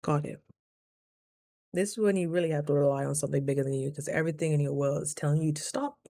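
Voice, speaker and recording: A woman's voice: sits low, fairly even intonation, fast talker, creaky, warm tone, no echo. A woman talking through a casual diary vlog, earnest and reflective, sometimes close to tears. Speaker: vlogger.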